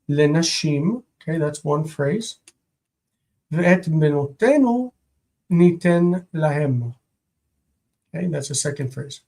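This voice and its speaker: Slow, deliberate Hebrew teacher. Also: medium pitch, darkish tone, low-quality recording. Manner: slow, deliberate phrase-by-phrase translating with self-corrections. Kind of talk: live-streamed homework review.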